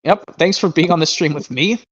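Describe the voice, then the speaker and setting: A man hosting a casual chat stream about his movie collection, talking in a rambling way with quick asides. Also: on the high side, a bit bright. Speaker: stream host. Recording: lo-fi stream audio.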